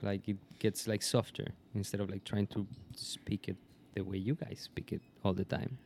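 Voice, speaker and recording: A man whose first language is Spanish, chatting casually in English and often pausing to search for words. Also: lowish voice, steady tone, darkish tone, slight background noise. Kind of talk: casual chat.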